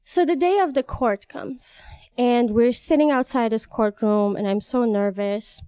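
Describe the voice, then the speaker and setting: A young woman from Iran, telling a personal story on stage in an animated, wry way. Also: on the high side, measured pace, clean tone, dry recording. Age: young adult. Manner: animated, wry, laughs between lines.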